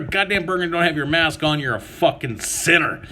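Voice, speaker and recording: A man's voice: fairly high pitch, lively intonation, brisk, pushed and bright. Man, profane vlog rant, sarcastic, crude storytelling, constant swearing, noisy background. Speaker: vlogger.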